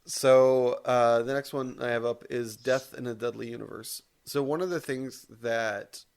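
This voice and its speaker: A man's voice: medium pitch, fairly even intonation, a little slow, creaky, smooth. A man co-hosting a podcast in casual chat, rambling and correcting himself as he goes, with the odd casual swear. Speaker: podcast co-host.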